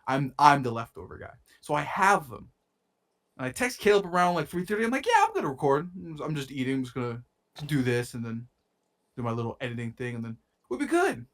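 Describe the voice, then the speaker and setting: A young man co-hosts a casual podcast, telling a rambling story full of slang and swearing. His pitch leaps and swoops all over the place, and his nose sounds a little stuffy from a cold. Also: huge pitch swings, brisk, fairly bright tone. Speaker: podcast co-host. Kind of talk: casual chat.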